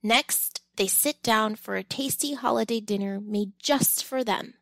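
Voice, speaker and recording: Slow, expressive woman reading a storybook. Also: fairly high pitch, creaky, dry recording, rough recording. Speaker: storybook reader. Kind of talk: children's story read-aloud.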